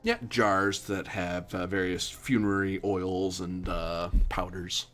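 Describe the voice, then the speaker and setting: A man narrating a tabletop role-playing game as game master, relaxed, with many fillers and self-corrections. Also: deep voice, slow, soft background music.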